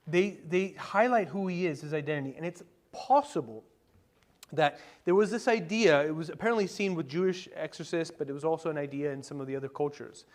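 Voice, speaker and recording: A male pastor preaching a sermon in a conversational way, with rhetorical questions and sudden bursts of excitement. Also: fairly high pitch, fairly quick. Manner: conversational preaching with asides and fillers.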